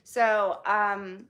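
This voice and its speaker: Chatty woman, bright voice. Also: medium pitch. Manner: chatty, greets viewers by name, laughs often. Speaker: livestream host. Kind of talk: casual livestream chat.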